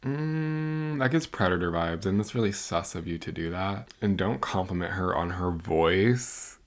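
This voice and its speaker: A woman's voice: a bass voice, expressive, measured pace. A woman reacting to dating stories in a blunt, sassy, casual commentary. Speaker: reaction video host.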